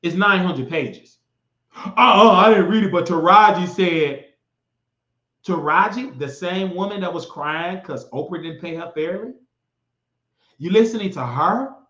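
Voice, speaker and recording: A man rants in a heated, mocking and sassy way as he hosts a political commentary show. His voice sits fairly high. The recording is dull and lo-fi, with a roomy echo around him. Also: expressive, a little slow, fairly bright tone. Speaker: show host. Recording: echoey, dull lo-fi room sound.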